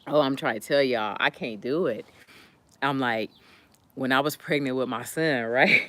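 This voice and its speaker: A woman telling stories casually to her live chat, animated and laughing often. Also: moderate pace, dry recording. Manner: animated, laughs often, jumps high when retelling. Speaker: live streamer chatting with viewers.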